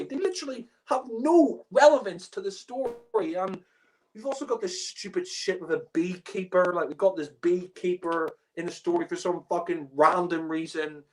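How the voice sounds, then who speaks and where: A man's voice: high voice, a little hiss or hum. Man, casual review rant, exasperated, swearing, lots of fillers, laughs often.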